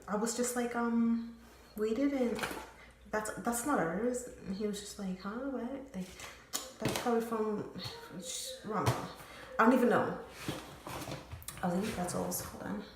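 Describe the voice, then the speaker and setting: A young storytime vlogger tells her viewers a candid, rambling personal story, full of fillers and swearing, in a casual storytelling style. Her voice is medium-pitched and slow, with long pauses, and the very echoey room carries background noise.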